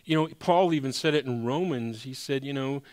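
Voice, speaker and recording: A man's voice: mid-range voice, brisk, darkish tone. A man preaching a sermon as pastor. He speaks in a conversational, emphatic way and often restarts his sentences.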